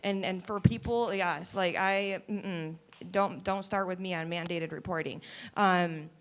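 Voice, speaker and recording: A woman on a panel speaking emphatically, with restarts and quick asides. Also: on the low side, steady tone. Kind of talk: panel discussion.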